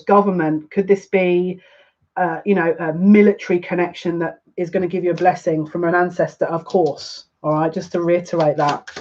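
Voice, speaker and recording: A woman's voice: on the low side, darkish tone, highs cut off. A woman giving a live-stream tarot reading, chatty and emotional, talking back to viewer comments. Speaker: psychic reader.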